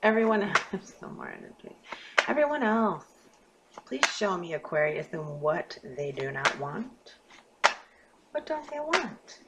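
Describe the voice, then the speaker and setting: A woman giving a casual astrology and tarot reading to her viewers, talking emphatically and swinging from quiet murmurs to loud bursts. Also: deep voice, measured pace, very noisy. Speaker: tarot reader.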